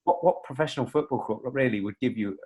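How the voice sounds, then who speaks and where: A man's voice: medium pitch, fast, slightly rough, phone-quality sound. A young man, a podcast guest, chatting casually in a rambling way with many restarts and fillers. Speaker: podcast guest, fitness coach.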